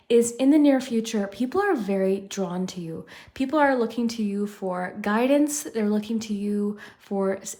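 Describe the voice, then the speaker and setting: A woman's voice: medium pitch, warm tone. A woman doing a pick-a-card tarot reading, chatty and reflective, often saying "I feel like". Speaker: tarot reader.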